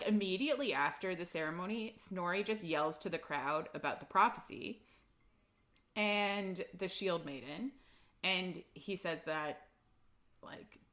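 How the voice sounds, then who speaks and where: A woman talks through a book's chapters for a podcast, casual and blunt, dropping "like" constantly and swearing freely. Her voice sits a touch low. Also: bright, forceful tone. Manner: chatty recap with lots of "like" and swearing. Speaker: podcast co-host. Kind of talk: casual book-club chat.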